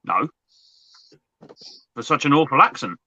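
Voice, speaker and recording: Bright, lively man on a call. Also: medium pitch, a little slow, husky, dry recording, muffled recording. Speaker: model builder on a group call. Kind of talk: casual banter on a group call.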